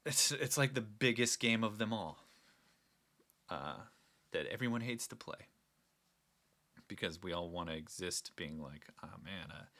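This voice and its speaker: A man's voice: fairly low pitch, pushed and bright. A young man hosting a casual solo talk, rambling and earnest with frequent restarts. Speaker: podcast host.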